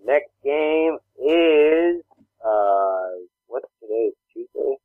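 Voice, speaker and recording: Very slowly but with lively intonation, a man with a mid-range voice co-hosts a laid-back podcast conversation. He tells rambling tales and mimics others' voices, recorded dry with a narrow, phone-like quality.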